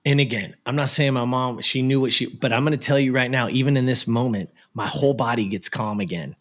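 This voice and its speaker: A man from the United States, a coach, telling an animated personal story as a guest in an interview. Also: medium pitch, brisk. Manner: animated, acts out the voices of people in his story. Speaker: guest, productivity and life coach.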